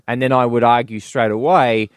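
A man's voice: mid-range voice, steady tone, normal speed, smooth, no room sound, clean studio sound. A man co-hosting a casual comedy podcast in a playful mock-serious way. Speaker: podcast co-host.

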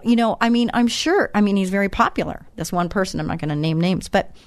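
A woman hosting a Christian radio show, talking to listeners in a chatty, quick way with friendly asides. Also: mid-range voice, dry recording, studio quality. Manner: chatty, self-described fast talker, asides to listeners. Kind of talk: faith talk radio show.

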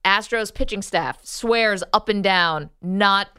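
A woman co-hosts a casual sports talk show and teases her guests playfully. Her voice is smooth and clear. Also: medium pitch, slow pace, sharp tone. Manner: playful, laughing. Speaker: co-host.

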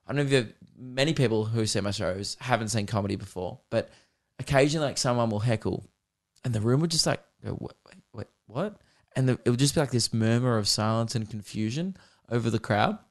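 A man's voice: mid-range voice, fast. An Australian man in his twenties hosting a podcast, telling rambling, profane comic stories in a casual chat. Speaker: podcast host.

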